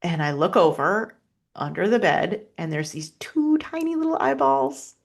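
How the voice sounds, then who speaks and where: A woman, a podcast guest, telling a personal story in an earnest, halting way, with many restarts and fillers. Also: low voice, very animated.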